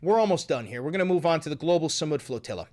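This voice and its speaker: A man's voice: fairly high pitch, lively intonation, very fast, darkish tone. A man hosting casual political commentary, sarcastic and profane, mocking the people he quotes.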